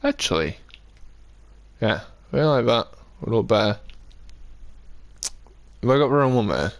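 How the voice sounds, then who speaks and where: A young man streaming a building game, chatting in a relaxed way and answering viewers as he works. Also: mid-range voice, a little slow, gravelly, no room sound. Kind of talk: casual live-stream chat while building in a game.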